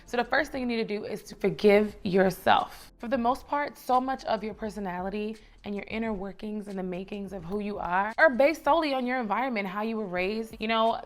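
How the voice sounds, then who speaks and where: A young woman from the Bronx, giving chatty, encouraging advice straight to camera and calling her viewers baby and sis. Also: mid-range voice. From the Bronx, New York. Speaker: lifestyle vlogger. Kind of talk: casual direct-to-camera advice.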